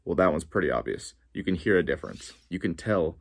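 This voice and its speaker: Gravelly deep-voiced man teaching. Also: fairly quick. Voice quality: gravelly low voice with vocal fry. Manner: relaxed, chatty, frequent ums. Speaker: vocal coach. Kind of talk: casual explanatory lesson.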